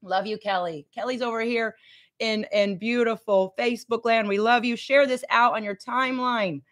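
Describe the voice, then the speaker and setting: A middle-aged woman coaches her group live in a rousing motivational talk. Her voice sits a little high, and she hammers home her points, repeating key lines for effect. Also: steady tone, moderate pace. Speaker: fitness and life coach.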